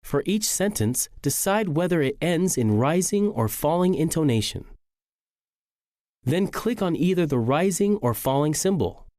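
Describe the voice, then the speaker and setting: Lively-pitched man reading a lesson. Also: measured pace, dry recording, studio quality. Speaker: English teacher. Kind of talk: scripted lesson narration.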